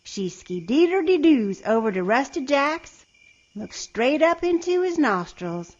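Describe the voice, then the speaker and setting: A woman reading a children's picture book aloud with expressive, playful storytelling. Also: high-pitched, slow pace, highs cut off.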